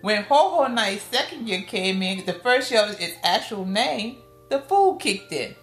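In an unhurried, storyteller's manner, a middle-aged New Orleans woman recounts family stories as a podcast guest, her voice shooting high when she mimics her relatives. She seems to be in a roomy, echoing space, with soft music underneath the casual interview.

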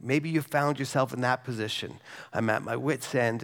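A man with a mid-range voice preaches a sermon, first reading scripture slowly and softly, then shifting to a conversational tone and posing questions to the congregation.

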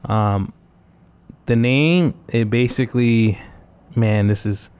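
A man's voice: mid-range voice, slow, a little mellow, clear, resonant tone. A man being interviewed as a guest on a radio show, telling a loose story full of fillers. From New England. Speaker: guest, hip-hop event organizer.

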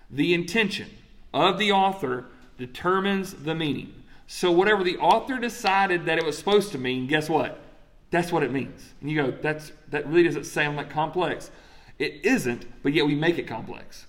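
A man's voice: on the high side, a bit bright. A man preaching a sermon in a conversational way, putting questions to the congregation and answering them himself. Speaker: pastor.

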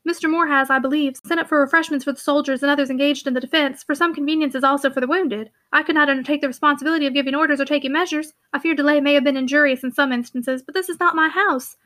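Woman doing timid older lady, hesitant, apologetic, high bright voice, quick, audiobook. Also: fairly even intonation. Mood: anxious. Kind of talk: audiobook reading.

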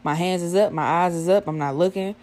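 A young adult woman telling a profane, animated story about a night out, acting out the dialogue as she goes. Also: on the low side, fairly quick. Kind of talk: casual storytime monologue.

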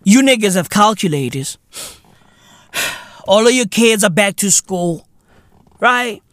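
A man's voice: sits high, no echo. A man hosting a podcast, delivering a profane, heavily slangy ranting monologue. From South Africa. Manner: profane, animated, heavy slang fillers. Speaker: podcast host.

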